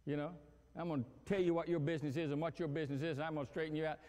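A male pastor preaching a sermon in an animated, humorous way, acting out everyday scenes. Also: on the high side, racing, big-room sound. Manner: animated, acts out quarrels and phone calls with humor.

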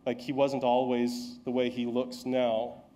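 A man's voice: medium pitch, monotone, unhurried, warm tone, a little hiss or hum. A male pastor preaching a sermon in a conversational, self-deprecating storytelling way, acting out the lines of people he quotes.

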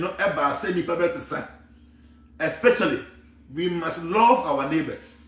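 Man preaching in a roomy echo. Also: high-pitched. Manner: mixes Twi and English, rises to emphatic preaching. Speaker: spiritual teacher answering live viewers. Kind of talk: live stream talk, reading viewer comments aloud. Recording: roomy echo, voice far from mic, faint background noise.

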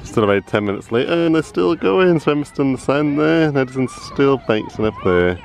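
A man in his thirties talks casually to a handheld camera while out on a farm walking trail. His delivery is chatty and animated, with a lively, swooping pitch as he encourages his young son. A faint outdoor noise sits under his voice. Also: brisk, gravelly. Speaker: family vlogger.

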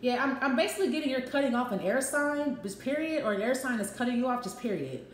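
A woman's voice: high voice, animated, quick pace. A woman giving a casual tarot love reading, chatty and repetitive, with frank, profane asides. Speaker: tarot reader. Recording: echoey room with faint noise.

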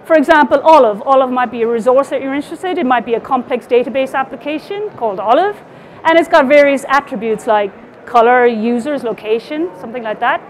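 An Irish woman with a high, light voice walks through a technical topic at a conference, talking to her slides. She explains things casually, with fillers and small restarts as she goes. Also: brisk, slight background noise. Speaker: conference speaker.

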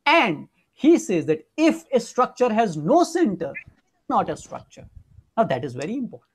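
A woman teaches an academic webinar over an online microphone. Her voice sits at a mid-range pitch. She explains point by point, with frequent "you know" fillers. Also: big pitch swings, normal speed, husky. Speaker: lecturer.

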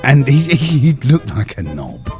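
Sardonic man with lively pitch. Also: a little slow, soft background music. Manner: sardonic, mocking put-downs. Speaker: co-host. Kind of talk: casual comedy chat.

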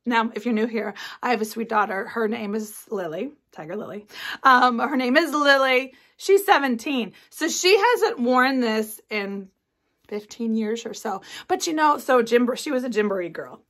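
A woman's voice: on the high side, moderate pace, a bit bright. A woman in her forties hosting a craft video at home, chatting enthusiastically about her sewing projects with lots of ums and asides. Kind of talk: casual show-and-tell chat.

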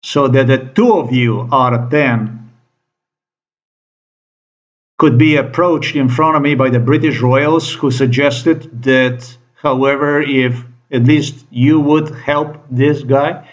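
A man's voice: medium pitch, fairly even intonation, slow. A man delivering a profane, accusing monologue to camera, repeating his phrases as he rants. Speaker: vlogger. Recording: dull lo-fi recording.

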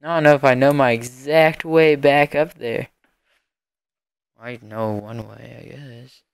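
Slow, smooth-voiced let's play gamer. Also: mid-range voice, steady tone, dry recording, clean studio sound. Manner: muttering to self, grumbling at the game. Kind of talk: casual gameplay commentary.

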